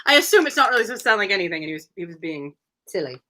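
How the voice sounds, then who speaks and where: A woman's voice: mid-range voice, very animated, rapid-fire, sharp tone. A woman hosting a casual live storybook reading, breaking off for chatty asides. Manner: chatty asides, reads in voices. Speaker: reader and host.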